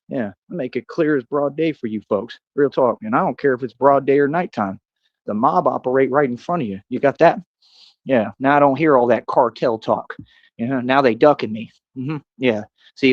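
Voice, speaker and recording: Man, mid-pitch, swaggering street-slang rant, dry lo-fi stream audio. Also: no echo. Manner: boastful, confrontational street slang; coos softly at a cat. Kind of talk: rambling livestream monologue.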